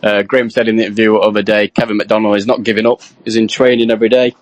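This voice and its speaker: Quick-talking guy with a lowish voice, sensible takes on a podcast. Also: level tone, no echo. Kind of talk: casual fan podcast chat.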